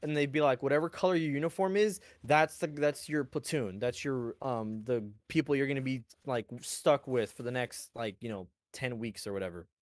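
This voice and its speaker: A man's voice: medium pitch, normal speed, hardly any pauses, no echo. A man, an army veteran, telling service stories in casual podcast chat, rambling and profane, full of "like" and "you know.". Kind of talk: casual conversational storytelling.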